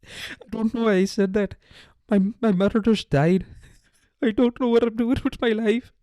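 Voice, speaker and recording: A man voicing a drunk male parliament member who shouts and then tearfully apologizes, in a high, strained voice. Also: fairly even intonation, normal speed, smooth, no room sound, clean studio sound, natural voice. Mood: drunk sobbing.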